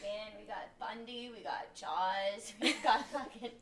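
A woman's voice: fairly high pitch, a little slow, a crowd in the background. A woman co-hosting a casual podcast, blunt and casually profane. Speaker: podcast co-host. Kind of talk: casual chat.

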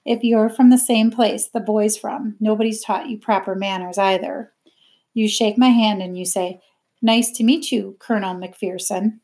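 A woman's voice: medium pitch, fairly even intonation, normal speed, warm tone, close to an everyday voice. A woman reading aloud, voicing a bossy old retired army colonel who barks his commands. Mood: gruff. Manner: barking, commanding.

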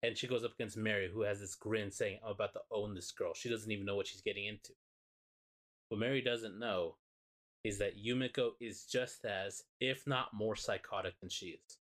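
A man, a podcast co-host, excitedly and profanely retelling a show in casual chat. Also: on the low side, normal speed.

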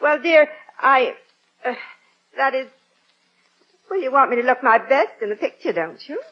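A sweet, coaxing wife. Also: female voice, high voice, animated, moderate pace. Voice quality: gentle, coaxing. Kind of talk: 1940s radio sitcom acting. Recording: muffled old radio recording, faint hiss.

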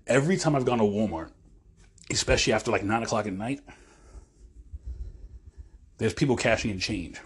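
Husky low-voiced man rambling to listeners. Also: moderate pace, long pauses. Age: 40s. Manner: chatty, rambling, self-interrupting, addresses listeners as folks; pacing while talking. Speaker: podcast host. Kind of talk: casual rambling monologue.

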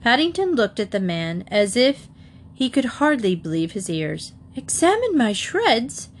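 A woman narrating a children's audiobook in a gentle, measured storytelling manner. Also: mid-range voice, sing-song, slight background noise.

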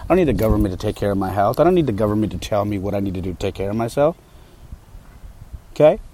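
Low-voiced man telling a heated story. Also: lively intonation, very fast, dark tone, a little hiss or hum. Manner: candid, heated, with frequent fillers. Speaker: podcast host. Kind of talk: casual storytelling monologue.

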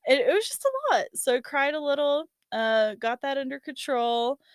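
A young woman in casual conversation with a fairly high voice. She tells her story with many fillers, breaking into laughter and acting out the voices of the people in it. The recording is dry and close. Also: moderate pace, no echo. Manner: laughing storyteller, lots of fillers, acts out quotes. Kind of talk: casual chat.

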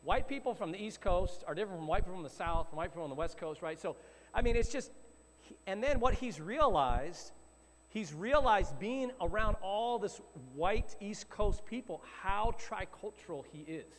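A man's voice: high-pitched, expressive, normal speed, a bit bright, big-room sound, a little hiss or hum. A middle-aged man, a pastor, preaching a sermon in a conversational, storytelling way. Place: church hall.

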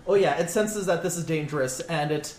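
A man running a tabletop game as game master, casual and halting. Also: fairly high pitch, a little mellow. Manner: casual, halting, laughs often. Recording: echoey room, faint noise.

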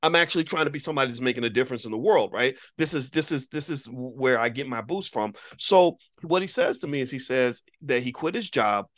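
A man at a middle pitch talks straight to his viewers in a loose, unscripted monologue. He is emphatic and preachy, drops in casual swearing, and doubles back on words as he restarts his thoughts. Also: fairly quick, hardly any pauses, a bit bright. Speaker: online commentator.

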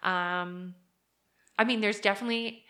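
A woman's voice: medium pitch, steady tone, unhurried, pushed and bright. A young woman co-hosting a podcast, chatting casually and rambling with lots of fillers. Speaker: podcast co-host. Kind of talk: casual chat.

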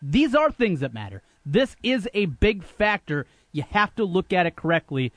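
A man's voice: sits high, normal speed, no room sound. A man hosting sports talk radio, arguing his points emphatically from a studio. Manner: animated, emphatic, opinionated.

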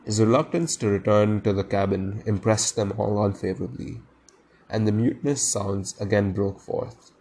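A man reading a classic story aloud with animated delivery, pausing for brief casual asides. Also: on the low side, a little hiss or hum, poor audio. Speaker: reader.

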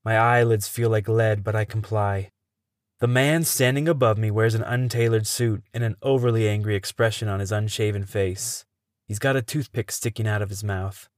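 A man with a lowish voice narrates a first-person thriller for his podcast. He tells it in a measured, tense way. The recording is close and dry, with no room around it. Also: fairly even intonation, dry recording. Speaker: podcast host and storyteller.

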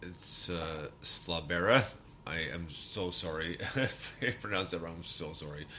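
A man hosting a music show in casual chat, laid-back and quick to laugh. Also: deep voice, bright, forceful tone, slight background noise.

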